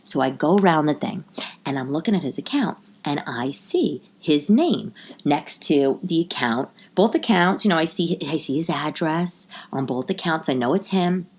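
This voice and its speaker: A woman hosting a podcast, telling a story in an animated, dramatic and profane way. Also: deep voice, moderate pace, husky. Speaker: podcast host. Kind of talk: casual storytelling. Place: living room.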